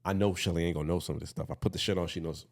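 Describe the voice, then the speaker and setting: A man co-hosting a casual podcast, laid-back and animated, laughing often as he tells stories. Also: sits low, very fast. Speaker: podcast co-host. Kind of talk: casual chat.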